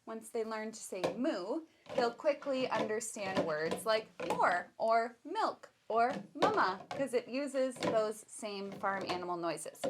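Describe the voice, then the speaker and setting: Brief: woman children's educator, higher voice, unhurried, playful storytime delivery. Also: heavy background noise. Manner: lively, playful, talks to her toddler. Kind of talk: baby storytime talk to caregivers. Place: at home.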